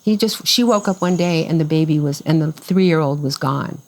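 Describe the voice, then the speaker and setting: Older woman telling a lively story. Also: sits low, moderate pace, rough recording. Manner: animated storyteller who acts out quoted voices. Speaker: farm cofounder and interview guest. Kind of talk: casual storytelling in an interview.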